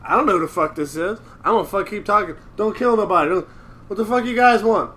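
A man co-hosting a casual podcast, loud and excitable, swearing a lot and acting out scenes as he recaps them. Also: high-pitched, quick pace, a crowd in the background. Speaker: podcast co-host recapping a TV episode. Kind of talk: casual profane chat.

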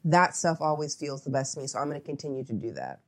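A woman's voice: low-pitched, sing-song, fast talker. A young adult woman, a photographer as interview guest, chatting casually and meandering with lots of asides.

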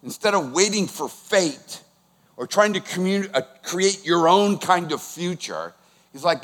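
A man in his sixties preaching a sermon as pastor, animated and emphatic, putting questions to the congregation. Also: high-pitched, unhurried, big-room sound. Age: 60s.

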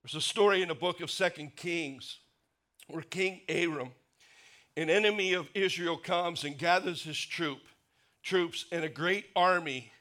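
A pastor preaching a sermon, earnest, sinking to a quiet low voice for weight and lifting it for questions to the congregation. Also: male voice, unhurried. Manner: earnest preaching, drops low and soft for emphasis, rises for rhetorical questions.

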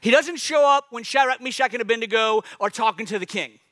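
A man preaching a sermon in an emphatic, conversational way, drawing out phrases and dropping to a hush. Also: very high-pitched, brisk.

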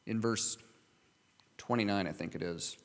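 A man's voice: lowish voice, unhurried. A man preaching a sermon, earnestly reading scripture and asking his listeners rhetorical questions. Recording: long hall reverb.

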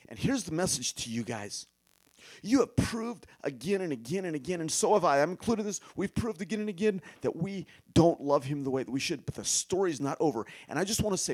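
A man preaching a sermon to a room of listeners, emphatic, asking rhetorical questions and now and then dropping to a hush. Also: fairly high pitch.

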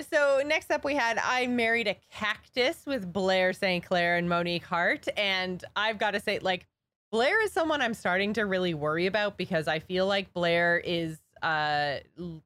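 A woman's voice: medium pitch, expressive, a little slow, fairly bright tone. Chatty woman in casual review talk. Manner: chatty, many likes, acts out quotes. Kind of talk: casual podcast chat.

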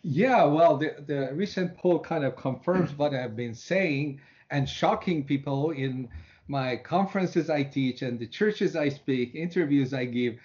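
A man's voice: measured pace, a little mellow. A man in his sixties from Iran, a Christian minister telling his personal testimony in an interview, earnest, repeating words and acting out his prayers. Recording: muffled low-fidelity audio.

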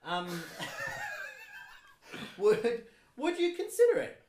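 A man co-hosting a podcast in casual chat, excitable and quick, laughing often. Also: very high voice, echoey room. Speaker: podcast co-host.

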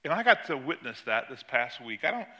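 A man's voice: sing-song, brisk, pushed and bright. An older man, a pastor, preaching a sermon and telling a story about his granddaughter. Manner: storytelling, acts out quoted voices with rising pitch.

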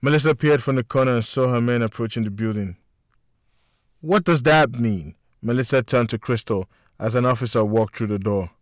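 A man's voice: mid-range voice, no room sound, studio quality. Man narrating an action audiobook. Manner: steady, measured storytelling. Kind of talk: scripted narration.

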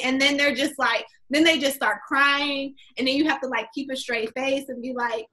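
Young female teacher, bright higher voice, animated storyteller. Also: normal speed, few pauses, slight background noise. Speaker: kindergarten teacher, guest. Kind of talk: casual podcast chat.

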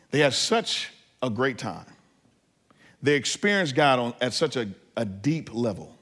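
A man preaching as a pastor, telling a family story with lively asides to the congregation. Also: medium pitch, measured pace. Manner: animated, acts out family scenes. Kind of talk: sermon.

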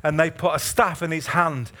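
Man, pastor, sermon, fervent preaching, fairly high voice. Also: steady tone, moderate pace. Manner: impassioned preaching that swings from hushed to fervent.

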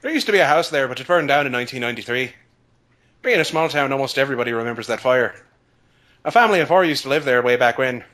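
A man's voice: medium pitch, lively intonation, fast talker, fairly bright tone, natural voice. A man voicing a chatty Irish male boss who tells a grim story in a put-on Irish accent. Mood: spooky storytelling.

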